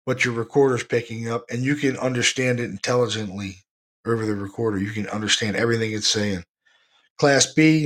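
Guy rambling about the paranormal, excited, repeats stuff a lot, medium voice. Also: medium pitch. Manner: rambling, repeats himself, enthusiastic. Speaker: paranormal podcast host. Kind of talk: casual unscripted talk.

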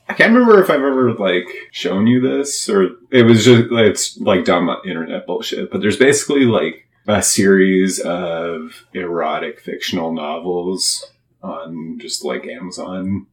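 A man's voice: low-pitched, measured pace, roomy sound. A man co-hosting a podcast, teasing and joking in casual chat. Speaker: podcast co-host.

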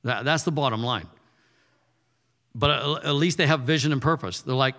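A man's voice: a little high, lively intonation, normal speed, pauses often, sharp tone. A male pastor preaching a sermon in a loose, conversational way, often repeating words as he goes. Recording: reverberant hall.

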